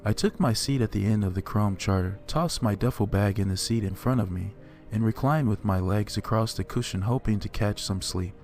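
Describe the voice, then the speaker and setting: A man narrating a horror story in a steady, measured first-person telling. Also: on the low side.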